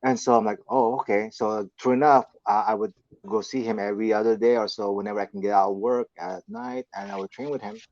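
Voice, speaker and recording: A man's voice: on the low side, fast, vocal fry, no room sound, dull audio. A man, a guest on a talk show, telling a story casually and acting out the dialogue in it. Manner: acts out quoted dialogue, animated. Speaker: podcast guest, martial arts teacher.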